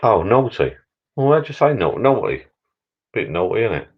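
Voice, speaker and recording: Man, middle-aged, very low voice, rambling jokey live-stream host, dull lo-fi sound. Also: big pitch swings, moderate pace, husky. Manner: rambling, jokey, repeats words. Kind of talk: casual live stream chat. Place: backyard garden bar shed.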